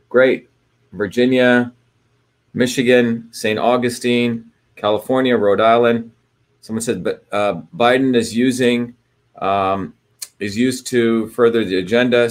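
Man, mid-pitched, rambling livestream host who greets viewers and retells stories loosely. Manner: rambling, many fillers and restarts, retells stories. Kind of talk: casual livestream talk.

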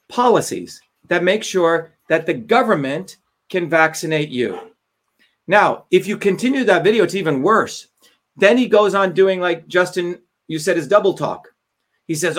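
A man with a high voice hosts a heated livestream. He talks in a combative, profane way and drops into mocking impressions of others. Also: expressive, normal speed, fairly bright tone. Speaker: host.

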